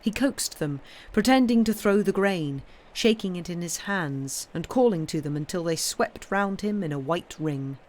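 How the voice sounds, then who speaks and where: A woman reading a short story aloud on a livestream, in an expressive, measured way. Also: lowish voice. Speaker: story reader.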